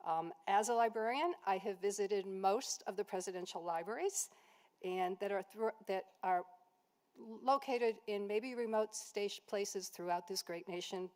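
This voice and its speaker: A woman, a retired librarian, earnestly introducing a guest speaker at a library event with a slightly halting delivery. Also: medium pitch, darkish tone. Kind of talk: formal introduction. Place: library auditorium.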